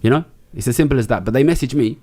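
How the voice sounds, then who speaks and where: Man, middle-aged, from Britain, rapid delivery, blunt and sweary interview guest. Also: medium pitch, darkish tone. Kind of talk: candid interview talk.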